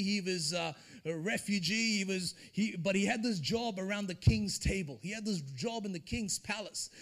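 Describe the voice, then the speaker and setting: A man preaching a sermon at a church service, conversational and animated, slipping into acted asides and building to emphatic peaks. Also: high voice. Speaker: pastor.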